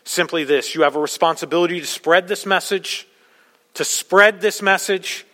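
Male pastor, sermon delivery, bright forceful tone, urgent, soft to loud. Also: high-pitched, normal speed, in a large hall. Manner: preaching with urgent emphasis, swinging from soft to loud. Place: church.

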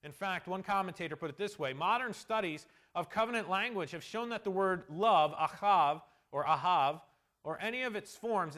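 A man with a high voice delivers an expository sermon as a pastor. His tone is earnest, and he slows down on quoted verses to stress them, alternating hushed asides with loud emphasis.

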